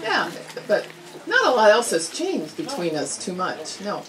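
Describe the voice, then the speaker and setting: A woman's voice: medium pitch, wildly swooping pitch, a little slow, rough recording. A woman in her forties, a co-author at a book signing, telling chatty anecdotes with a lot of laughter. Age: 40s. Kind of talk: casual audience Q&A. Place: indoor book-signing event with a crowd. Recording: crowd chatter behind.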